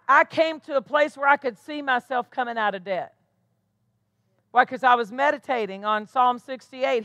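A woman pastor with an American accent preaching a sermon, repeating phrases for emphasis and slowing down to stress the scripture she reads. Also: high voice, bright, forceful tone, no echo.

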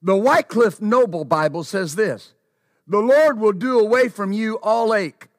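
A man preaches a sermon in a voice that sits high, taking his time. He repeats phrases, questions the congregation, calls out hallelujah, and stumbles over words when excited. The recording is dry and clean, with studio sound.

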